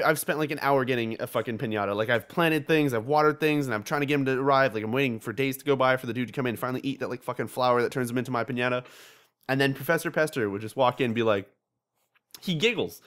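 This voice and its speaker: A young man rattles off gaming stories at a quick clip on a casual podcast. His voice sits at a middling pitch and jumps around as he acts out the scenes. He swears freely and keeps breaking into laughter. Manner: fast, animated storytelling with frequent swearing and laughter. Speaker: podcast host.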